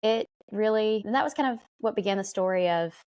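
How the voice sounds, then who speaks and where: A woman's voice: mid-range voice, a little fast, darkish tone, no echo. Woman with a Southern twang. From southern Alabama, USA. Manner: candid storytelling, light laughs. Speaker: podcast guest. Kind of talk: conversational interview.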